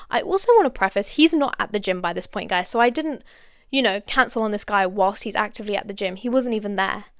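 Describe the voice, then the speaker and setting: A young woman tells a personal story on her podcast, confiding and chatty, full of fillers and asides to her listeners. Her voice is smooth yet gravelly with vocal fry. She is recorded dry and close on the mic. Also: medium pitch, a little fast, no echo. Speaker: podcast host.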